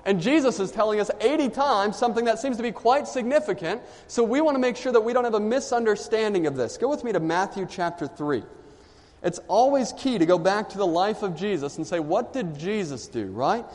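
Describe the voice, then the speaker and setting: A man preaching a sermon to a congregation, reading scripture aloud and pausing for the listeners to fill in the missing words. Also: sits high, lively intonation, a little mellow, long reverb tail. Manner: asks the congregation questions and lets them fill in words.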